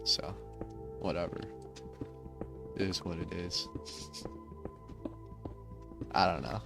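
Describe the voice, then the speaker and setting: A man's voice: low-pitched, slow, gravelly, music in the background. A man in his twenties rambling casually with many filler words while playing a game.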